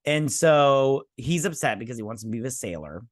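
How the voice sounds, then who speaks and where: Hosting a casual video review, a man rants bluntly and scornfully, swearing and stumbling through frequent restarts and filler stammers. His mid-range voice is expressive and moves at a normal speed, recorded dry with clean studio sound.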